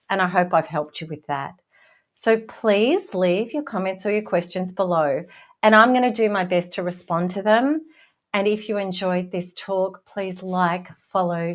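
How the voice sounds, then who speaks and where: A middle-aged woman hosting a self-help channel, giving a scripted motivational talk in an earnest, reassuring and emphatic way. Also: medium pitch.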